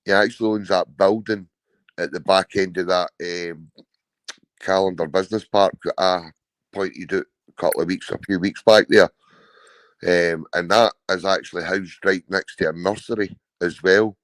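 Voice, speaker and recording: A man's voice: sits low, steady tone, moderate pace, no room sound, low-quality recording. A Scottish man talking hesitantly with many fillers on a live stream video call. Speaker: guest.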